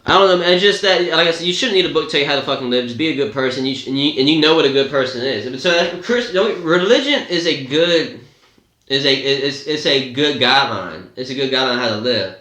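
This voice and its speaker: Fast-talking bright-voiced man, echoey room. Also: mid-range voice. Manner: rambling, laughs often, swears casually. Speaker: podcast co-host. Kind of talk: casual chat.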